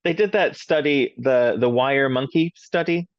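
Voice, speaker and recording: A man's voice: medium pitch, unhurried, no echo. A man co-hosting a podcast, talking in a laid-back, blunt way and swearing casually. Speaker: podcast co-host. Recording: dull, dry lo-fi podcast mic.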